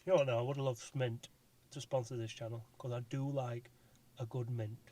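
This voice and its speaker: A man's voice: mid-range voice, level tone, normal speed. A cheeky, joking man presenting a vlog outdoors by a race course with a handheld mic, bantering with passers-by. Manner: cheeky, playful, banters and shouts to passing riders. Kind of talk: joking roadside vlog commentary. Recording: faint outdoor street noise.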